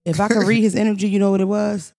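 A woman from Philadelphia with a Philly accent, hosting a podcast in brash, profane, animated casual chat. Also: medium pitch, rapid-fire, no room sound, clean studio sound. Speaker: podcast host.

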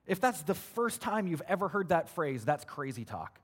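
A male pastor delivers an energetic, conversational sermon. His voice sits a little high for a man. He keeps asking his listeners questions. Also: moderate pace, few pauses.

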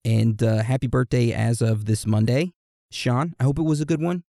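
A man co-hosting a podcast in casual chat, playfully reading out listener messages and birthday shout-outs. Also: medium pitch, normal speed, gravelly, no echo, clean studio sound. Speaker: podcast co-host.

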